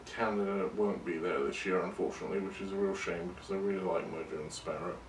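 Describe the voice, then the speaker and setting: A man hosts his podcast in a loose, rambling monologue, poking fun at himself as he goes. His voice sits on the low side. The sound is roomy, as if he is some way off the mic, with a faint hiss behind. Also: fairly even intonation, fast talker, distant mic. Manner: rambling and self-deprecating. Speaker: podcast host. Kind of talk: casual monologue.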